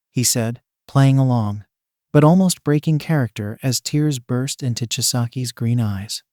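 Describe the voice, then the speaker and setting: Male narrator, fan fiction reading, steady, mid pitch, dry close sound. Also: unhurried, no room sound. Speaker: story narrator.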